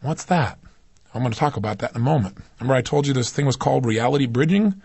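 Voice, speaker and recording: A man giving a recorded motivational lecture, emphatic, dropping to low intimate asides and rising to raised intensity. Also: animated, fast talker, vocal fry, darkish tone, slightly rough, no echo. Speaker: self-help speaker.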